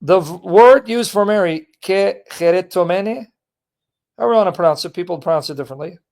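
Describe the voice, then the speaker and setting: A man hosting a live stream, lecturing a caller in a heated, forceful way. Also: high-pitched, lively intonation, rapid-fire, vocal fry. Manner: forceful, lecturing, berating chat commenters. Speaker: livestream host. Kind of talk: heated live teaching and chat.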